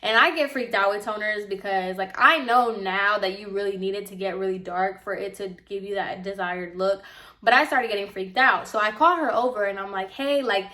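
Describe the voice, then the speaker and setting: Young woman, casual storytime, chatty, exasperated, lots of filler words, mid-pitched voice. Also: brisk, pushed and bright. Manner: chatty, exasperated, heavy use of "like". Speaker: vlogger, hairstylist apprentice.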